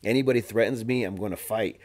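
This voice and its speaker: A man guest on a podcast telling a story in a casual, animated way, full of slang, fillers and restarts. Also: on the low side, fast. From Arizona.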